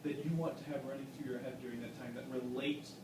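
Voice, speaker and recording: A man's voice: medium pitch, little pitch movement, fast. Encouraging male vocal coach, roomy and distant. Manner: encouraging, explanatory, with frequent "um"s. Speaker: vocal adjudicator. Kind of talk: masterclass critique. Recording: echoey room from a distant mic with background noise.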